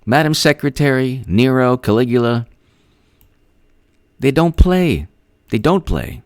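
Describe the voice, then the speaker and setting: A man hosting a political commentary livestream, reading out viewer comments and thanking them by name in an excitable, rambling way, often repeating himself. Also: medium pitch, a little slow, smooth, no room sound, clean studio sound.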